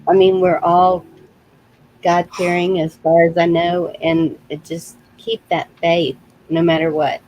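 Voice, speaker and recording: A woman with a slightly low voice speaks in an easygoing group chat. She talks calmly and steadily, like someone reassuring friends. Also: a little slow, highs cut off, soft background music.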